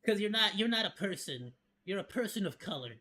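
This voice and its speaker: A man's voice: high-pitched, lively intonation, fairly quick, sharp tone. A man chatting casually as a streamer reacting to a video, joking, laughing often and stumbling over restarts.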